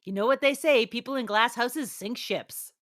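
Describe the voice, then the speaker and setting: A woman's voice: on the high side, moderate pace, a bit bright. A woman co-hosting a casual movie-review podcast, speaking in a teasing, wry way. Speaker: podcast co-host.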